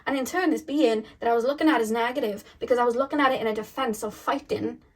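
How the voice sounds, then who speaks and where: A woman tarot reader tells a spiritual story straight to camera. She rambles and circles back, stressing her points with lots of fillers. Her voice sits a little high. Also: fast talker.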